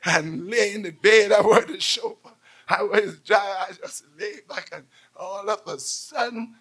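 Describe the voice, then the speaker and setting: High-voiced preacher, shouting then hushed. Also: male voice, slightly rough. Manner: preaches in bursts, shouting then dropping to near-whispers. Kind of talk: call-and-response sermon.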